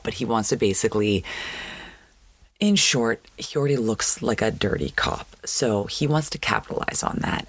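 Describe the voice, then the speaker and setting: A podcast host giving a chatty, wry recap of a TV episode and repeating words for emphasis. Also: mid-range voice. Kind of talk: casual recap commentary.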